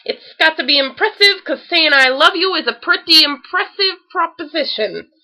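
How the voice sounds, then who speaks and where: A woman's voice: high voice, expressive, moderate pace, sharp tone, pitched above the performer's own voice, heavily acted. A woman voicing a gleeful male gopher in a storybook, emphatic and whistling his words.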